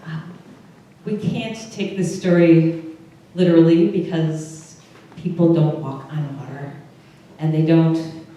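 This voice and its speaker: A woman pastor with an Upper Midwest American accent gives a conversational sermon in a deep, warm voice, asking her congregation questions. The lo-fi sound comes from far off in a very echoey church service room.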